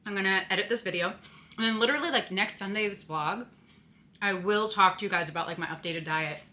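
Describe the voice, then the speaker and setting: A woman's voice: mid-range voice, brisk, bright, forceful tone. A young woman vlogging in a casual, chatty way, filling her talk with "like" and "you know", a bit out of breath. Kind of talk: casual vlog chat.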